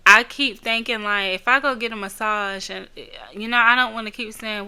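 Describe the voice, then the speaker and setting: A woman's voice: mid-range voice, fairly even intonation, normal speed, sharp tone, smooth. A woman hosting her own podcast, chatting casually and candidly, rambling a little and laughing often. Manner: emotional, candid storytelling. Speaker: podcast host. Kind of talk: casual solo podcast chat.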